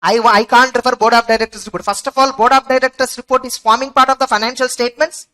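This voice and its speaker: A woman's voice: on the high side, fairly even intonation, quick pace, pushed and bright, poor audio. A woman giving an exam revision lecture, asking her students rhetorical questions and repeating key points. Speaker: teacher.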